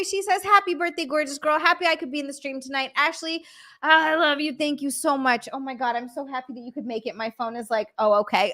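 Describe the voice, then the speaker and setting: A young woman on a live stream, her high voice bright and ringing. She gushes and thanks viewers breathlessly, swearing freely as she reads their messages aloud. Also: steady tone, a little fast. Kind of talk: live stream, reading out super chats.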